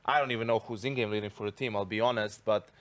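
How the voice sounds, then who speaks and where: A man talks through an esports match from the analyst desk. He explains each point at a measured pace and leans on "you know" to link his thoughts. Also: fairly low pitch, steady tone, a bit bright. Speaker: esports caster.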